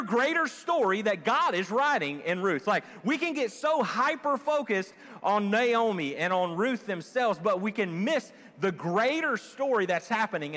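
A man's voice: high voice, fairly bright tone. A man preaching a sermon to his congregation in a church, jokey and conversational, often asking them questions. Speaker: pastor. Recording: long hall reverb.

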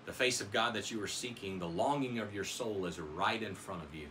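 A man's voice: fairly low pitch, animated, a little fast, hardly any pauses, sharp tone, a little hiss or hum. A man preaching a sermon as pastor of his church, earnest and dramatic in his scripture reading.

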